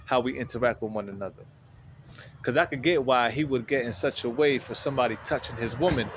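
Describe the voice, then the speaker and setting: A man telling a story in a casual vlog, animated and slangy, often checking in with the listener, outdoors on a city street. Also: medium pitch, fairly quick, noisy background. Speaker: vlogger.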